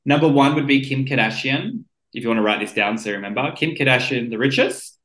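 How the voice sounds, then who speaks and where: A man chats on a podcast with a bright, forceful tone. He spins stories with playful, self-assured asides. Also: mid-range voice, a little fast, reverberant, rough recording. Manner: joking, storytelling, self-assured. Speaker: podcast co-host. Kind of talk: casual chat.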